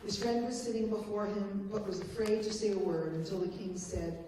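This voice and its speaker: A woman reading a text aloud to a study group, slow and measured. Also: mid-range voice, fairly even intonation, warm tone, a little hiss or hum. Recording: echoey hall from far off.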